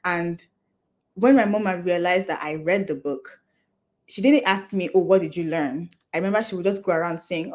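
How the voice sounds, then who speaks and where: A young woman addresses a conference audience in a slightly low voice. She explains her points patiently and earnestly, like a practical adviser. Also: normal speed, darkish tone. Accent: non-Nigerian English accent. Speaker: conference speaker. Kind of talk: talk to an audience.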